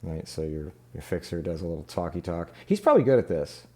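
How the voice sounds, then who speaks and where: A man's voice: low-pitched, sing-song, quick pace, mellow. A man narrating as game master of a tabletop game, rambling loosely with plenty of fillers.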